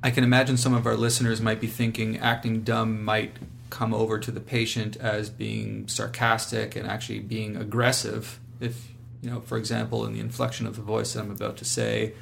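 Gravelly male interview host. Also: fairly low pitch, monotone, a bit bright, a little hiss or hum. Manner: measured, guiding questions.

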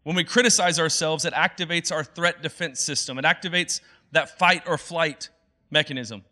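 Pastor guy giving a sermon, kinda high bright voice, chatty and earnest. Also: moderate pace. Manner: earnest, conversational, acts out quoted voices.

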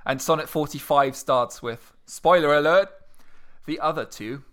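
A man's voice: mid-range voice, moderate pace, fairly bright tone. A man co-hosting a podcast, with dry, teasing remarks in a casual chat. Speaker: podcast co-host.

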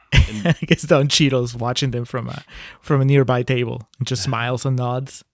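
A man's voice: mid-range voice, steady tone, moderate pace, dry recording, studio quality. A man hosting a casual movie-review podcast, talking in a hesitant way with frequent restarts. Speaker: podcast host.

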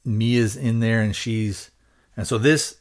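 Lowish guy rambling thru a movie plot on his podcast, lots of "like" and "kinda". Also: steady tone, takes it slowly. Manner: rambling, hedging with fillers and restarts. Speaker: podcast host reviewing a film. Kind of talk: casual spoken film recap.

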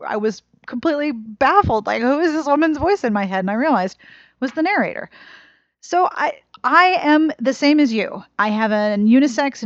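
A woman co-hosting a podcast in casual chat, expressive and self-deprecating. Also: medium pitch, no room sound, lo-fi sound. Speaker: podcast co-host.

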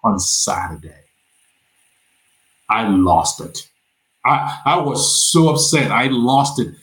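A man's voice: medium pitch, very animated, slow pace, a bit bright, low-quality recording. A middle-aged man from Nigeria, telling his life story as an interview guest. He acts out the voices of the people he quotes and often repeats words as he talks.

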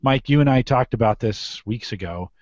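A man's voice: medium pitch, normal speed, a little mellow, no room sound. A man hosting a casual tech podcast, loose and jokey. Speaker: podcast host. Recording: dry lo-fi podcast mic.

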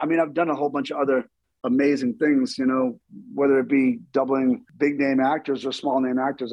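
Husky-voiced man telling animated stories. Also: mid-range voice, no room sound, rough recording. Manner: animated, acts out quoted dialogue. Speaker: stunt performer. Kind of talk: storytelling interview.

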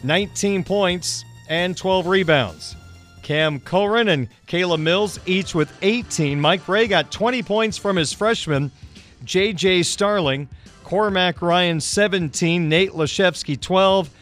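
A man hosting a sports radio show, reading off scores and plugs in a brisk broadcast delivery. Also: sits high, a bit bright, soft background music.

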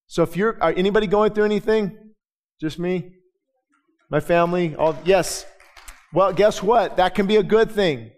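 A pastor preaching a sermon in a church, swinging from soft, halting storytelling to loud, fervent proclamation full of repeated phrases. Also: male voice, high-pitched. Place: church with a balcony.

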